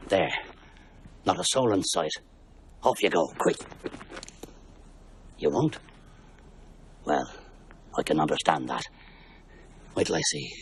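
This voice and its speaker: An actor playing an anxious, talkative male tramp who frets and turns theatrical, recorded on a film soundtrack with a steady hiss. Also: very deep voice, slow pace, pauses often, exaggerated voice. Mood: agitated. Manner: fretful and theatrical, swinging between bursts and mutters.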